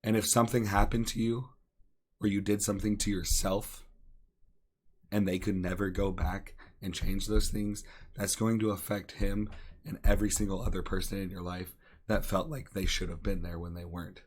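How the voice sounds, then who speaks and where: A young man with a very low, deep voice speaks earnestly on a podcast. He encourages his listeners and repeats phrases to drive his point home. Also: little pitch movement, normal speed. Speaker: podcast co-host. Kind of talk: earnest casual talk.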